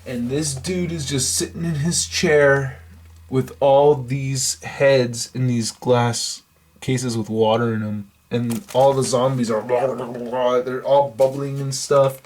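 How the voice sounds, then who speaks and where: A man casually reviewing a comic book, rambling and profane, talking in an excitable, loose way. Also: mid-range voice, takes it slowly, distant mic.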